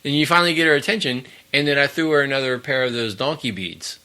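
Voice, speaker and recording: A man's voice: mid-range voice, expressive, fast talker, bright, forceful tone. A man co-hosting a podcast in casual chat, telling a rambling story with frequent laughs. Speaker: podcast co-host.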